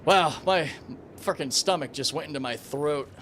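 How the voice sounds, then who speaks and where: A young man streaming a space game, chatting casually with his viewers, excitable and swearing freely. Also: fairly high pitch, normal speed, slight background noise. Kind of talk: casual livestream commentary.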